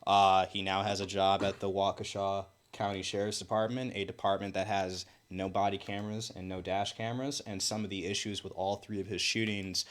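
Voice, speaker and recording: A man's voice: low voice, flat delivery, brisk, hardly any pauses. A man from Milwaukee, a guest in an interview, telling events in an earnest way with many fillers and restarts. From Milwaukee, Wisconsin. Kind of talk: casual interview talk.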